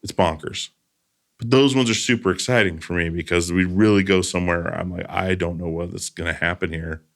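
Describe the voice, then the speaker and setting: Man, podcast host, low voice, earnest storytelling, casual chat, loose asides. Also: fairly even intonation, a little fast, creaky.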